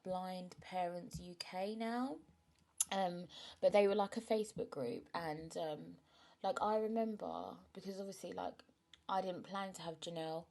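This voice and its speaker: A woman's voice: lowish voice, a little mellow. Emotional, chatty woman. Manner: frank and chatty, often asks "do you know what I mean". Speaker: podcast host. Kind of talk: candid solo podcast monologue.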